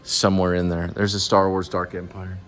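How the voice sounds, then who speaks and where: A man's voice: sits low, level tone, a little fast, fairly bright tone, faint music behind. A man vlogging casually as he walks through a shopping mall, rambling and thinking aloud. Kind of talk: casual walking vlog.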